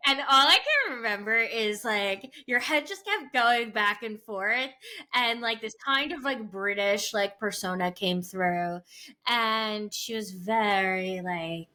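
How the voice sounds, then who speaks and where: Bright-voiced woman cohost chatting away on a podcast, says like a lot. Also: medium pitch, takes it slowly. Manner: chatty, lots of "like" fillers. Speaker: podcast co-host. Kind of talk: casual chat.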